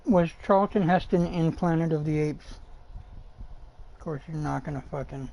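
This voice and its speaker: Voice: mid-range voice, moderate pace, vocal fry, warm tone, rough recording. A streamer reacting off the cuff, muttering to himself and swearing. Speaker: gaming streamer.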